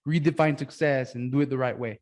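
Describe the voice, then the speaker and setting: A man's voice: mid-range voice, steady tone, a little fast, a little mellow. A man hosting a podcast, asking questions in a casual, loose way full of fillers. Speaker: podcast host. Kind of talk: casual interview.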